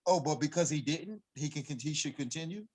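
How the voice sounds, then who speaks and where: A man with a fairly high voice that swings up and down as he gets fired up, talking as an MMA coach guesting on a podcast. He argues with heat and emphasis and breaks into laughter. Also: animated, brisk, a little mellow. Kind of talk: casual podcast chat.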